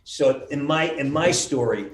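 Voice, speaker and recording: A middle-aged man being interviewed over a video call, telling lively stories and acting out the quotes, with some swearing. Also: mid-range voice, a little slow, a little hiss or hum. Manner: animated storyteller, acts out quotes with swearing. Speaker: voice actor guest. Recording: roomy video call audio.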